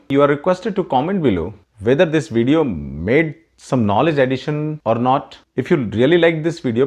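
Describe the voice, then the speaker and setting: A man with an Indian English accent teaching pronunciation, slowly repeating each word as a drill. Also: medium pitch, a little mellow. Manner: slow, instructive, repeats words for drill. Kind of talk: pronunciation lesson.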